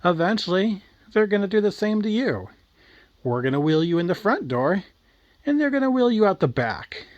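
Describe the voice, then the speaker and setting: A man's voice: high voice, sing-song, moderate pace, darkish tone, no room sound, highs cut off, pitched above the performer's own voice. A man voicing Billy, a bratty, cruel young boy who taunts his grandmother in a raised, gleeful voice. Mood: taunting.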